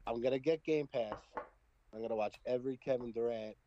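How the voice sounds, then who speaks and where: A man's voice: mid-range voice, fairly quick, lo-fi sound, a little hiss or hum. A man co-hosting a casual sports podcast, brash and joking as he trash-talks, heard over a remote call. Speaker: podcast co-host.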